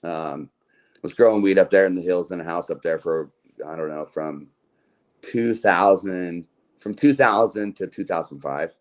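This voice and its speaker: Speaking at a measured pace in a deep voice, a man from Utah appears as a podcast guest. His storytelling is loose and laid-back, heavy on slang, the word "like," and profanity.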